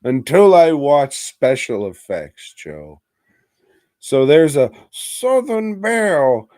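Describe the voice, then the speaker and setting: This male podcast co-host is drinking and tipsy as he rambles through a casual movie review, swearing constantly and laughing mid-sentence. His medium-pitched voice is warm and sing-song, and he takes it slowly. The recording has no echo.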